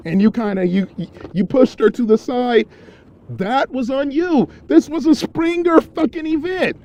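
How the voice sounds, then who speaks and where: A man delivering an angry, profane solo rant, yelling and repeating himself, recorded in his car on the highway. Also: measured pace, dull audio. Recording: road noise from a moving car. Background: vehicle noise.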